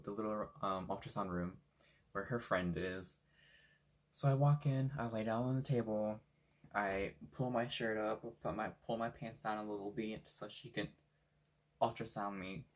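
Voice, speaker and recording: A young man from Washington State telling a story in a casual, animated way, swearing freely and acting out what people said. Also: lowish voice. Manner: animated, swears a lot, acts out quotes. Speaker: vlogger.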